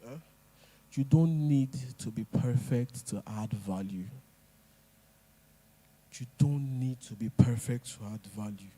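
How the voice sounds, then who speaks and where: A man's voice: mid-range voice, warm tone. A man giving a motivational talk at an event, emphatic and repeating his points. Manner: emphatic, repeats lines, pidgin asides. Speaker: speaker.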